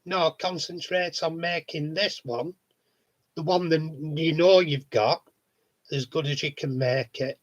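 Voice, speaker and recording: A man's voice: fairly high pitch, takes it slowly, a bit bright, dull audio. Blunt, sweary man chatting on his own. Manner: blunt, swears freely, chuckles often. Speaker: vlogger. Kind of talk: casual chat monologue.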